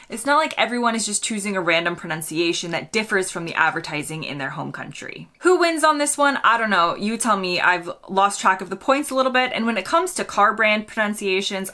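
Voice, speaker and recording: A woman's voice: medium pitch, pushed and bright. A woman hosting a scripted explainer vlog, playful and chatty with a teasing edge. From United States. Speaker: host.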